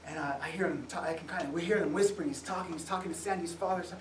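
A high-voiced man tells his story to a live audience with lively laughs, acting out each person he met. He is recorded from across an echoey room. A faint hum sits under the talk. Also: rapid-fire. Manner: animated, laughing storyteller who acts out the people in his story. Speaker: author giving a public talk. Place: museum event space. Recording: echoey room, mic from far off.

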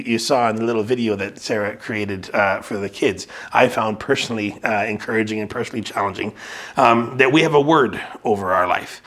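A male pastor giving a sermon at an ordinary middle pitch. He tells the story loosely and conversationally, often restarting his sentences and adding fillers as he goes. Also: fairly bright tone. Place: church service streamed online.

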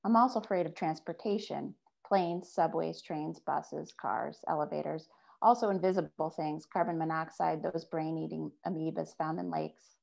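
A woman author reading her own fiction aloud in a measured first-person voice. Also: low-pitched, steady tone, gravelly, a little mellow.

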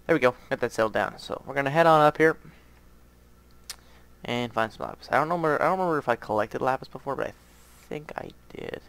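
A man's voice: medium pitch, fairly bright tone, clean tone. A man with a light Southern US accent hosting casual gameplay commentary, rambling and thinking aloud, often muttering to himself. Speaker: gaming channel host.

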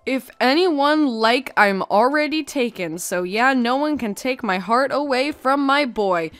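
A woman's voice: fairly high pitch, animated, takes it slowly, hardly any pauses, fairly bright tone, clean tone, no echo. A woman hosting a casual gameplay video, talking in a playful, jokey, self-mocking way as she plays. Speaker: gaming video host.

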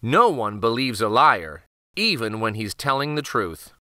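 A man's voice: medium pitch, big pitch swings, a little slow, pushed and bright, dry recording, studio quality, heavily acted. A man voicing a stern older town mayor in a children's storybook reading, firm and scolding.

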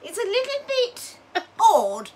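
High, lively woman telling a funny story. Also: slow. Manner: playful, teasing, laughs through the story. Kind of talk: casual storytelling chat.

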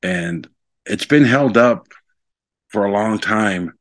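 A man from Hawaii, a guest telling stories at length, rambling and animated with many fillers. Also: on the low side, takes it slowly, no room sound. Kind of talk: storytelling interview.

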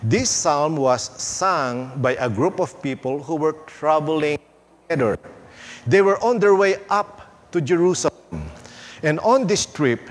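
A male pastor preaching a sermon in a church, unhurried, with playful asides and emphatic pauses. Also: a little high. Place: church sanctuary.

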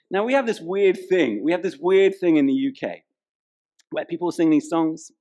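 A man's voice: a little high, lively intonation, moderate pace, dark tone. A man, preaching a humorous, chatty sermon in a church. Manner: humorous storytelling, chatty, playful with the congregation. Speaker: pastor.

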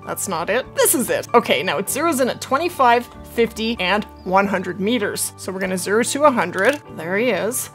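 Woman, gaming host, casual commentary, lively up-and-down voice, soft music behind. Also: medium pitch, normal speed, few pauses. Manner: chatty, excitable, talks to herself while playing.

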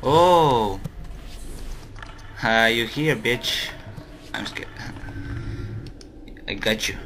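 Slow-talking man narrating a game. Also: medium pitch, animated, a bit bright, a little hiss or hum. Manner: jumpy, swearing, talking to his teddy. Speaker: gaming video host. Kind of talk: let's play commentary.

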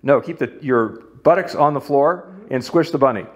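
A man's voice: mid-range voice, normal speed, husky. A man coaching an exercise demonstration as a fitness instructor, playful and jokey as he talks the model through each move.

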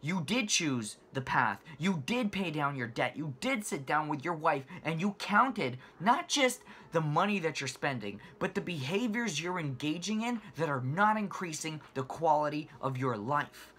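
A man's voice: fairly high pitch, expressive, normal speed, few pauses, fairly bright tone, slightly rough. A man hosting his own channel, delivering a passionate, emphatic rant to camera and repeating phrases for stress. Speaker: finance channel host. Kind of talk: impassioned money rant to camera.

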